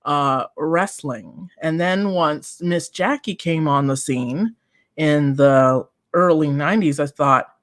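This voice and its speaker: A woman in her forties co-hosting a podcast, telling stories with lively acted-out quotes and frequent laughter. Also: sits low, slow, no room sound, studio quality. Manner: animated storyteller, acts out quotes, laughs often. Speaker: podcast co-host. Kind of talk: casual chat.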